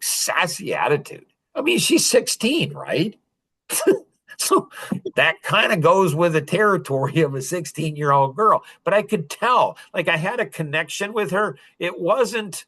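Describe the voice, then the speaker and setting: A man's voice: on the high side, a bit bright. A middle-aged man hosting a podcast, telling a personal story in an earnest, confessional way with small laughs between phrases. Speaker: podcast host. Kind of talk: casual storytelling talk.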